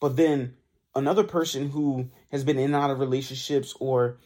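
A man's voice: medium pitch, steady tone, moderate pace, a little mellow. A young man hosting a casual solo podcast, enthusiastic and motivational, talking through sayings and repeating them. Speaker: podcast host.

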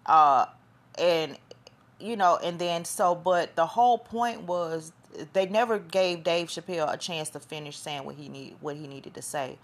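Woman podcast host, low gravelly voice, rambling casual monologue. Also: steady tone, moderate pace. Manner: chatty, rambling, loses her train of thought.

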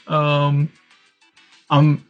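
A man's voice: on the high side, completely flat delivery, extremely slow, faint music behind. A man playing a tabletop game, talking hesitantly with many fillers and laughs. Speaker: player. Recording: dull lo-fi recording.

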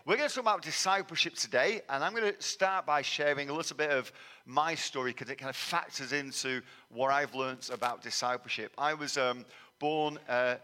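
A guest preacher from England, raised in Manchester and speaking with that city's accent, tells his sermon testimony like a self-deprecating conversational story. His voice is medium-pitched, bright and forceful at a moderate pace, echoing with long hall reverb.

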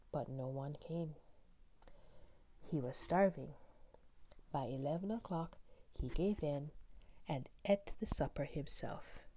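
A woman reading a fairy tale aloud in a soft, slow whisper. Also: sits low, breathy edge. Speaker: storyteller. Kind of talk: whispered storytelling.

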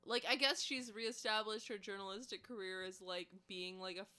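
A woman co-hosting a comedy podcast, sarcastic and excitable, swearing casually. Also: mid-range voice, normal speed, clean tone, soft background music. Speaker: podcast co-host.

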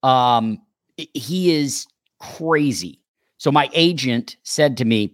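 Guy telling an animated story, plays out the voices of people he quotes, mid pitch, dry mic. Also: unhurried, no echo. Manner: animated, acts out quoted dialogue. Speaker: actor guest. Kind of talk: casual storytelling.

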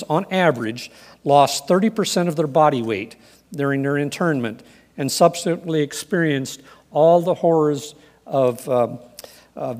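Man, pastor, sermon, earnest and measured, slightly high voice, long church reverb. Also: darkish tone. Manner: measured, earnest preaching with scripture readings.

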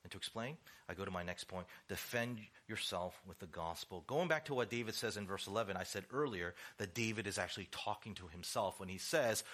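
A man's voice: fairly low pitch, brisk. A man preaching a sermon as pastor, acting out quotes and asking "right?" as he goes. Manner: animated, acts out quotes, rhetorical "right?".

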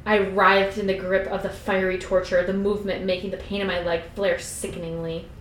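A woman's voice: mid-range voice, flat delivery, brisk, reverberant, slight background noise, low-quality recording. A young adult woman co-hosting a podcast, who reads a novel aloud and breaks off for giggly, irreverent comments. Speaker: podcast co-host.

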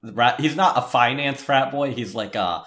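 A man's voice: mid-range voice, moderate pace, fairly bright tone. A young man co-hosting a casual comedy podcast, wry and teasing, often restarting his sentences. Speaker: podcast co-host.

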